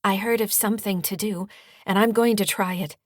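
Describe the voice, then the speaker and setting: A woman's voice: medium pitch, steady tone, fairly quick, dry recording, clean studio sound, pitched above the performer's own voice, lightly acted. A woman voicing an emotional, determined grown daughter who speaks insistently.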